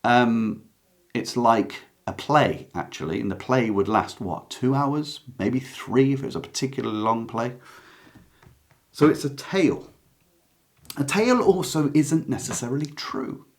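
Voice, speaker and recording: A man giving a slow, reflective line-by-line lecture on a play, sometimes pausing to search for words. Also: medium pitch, expressive. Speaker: literature teacher.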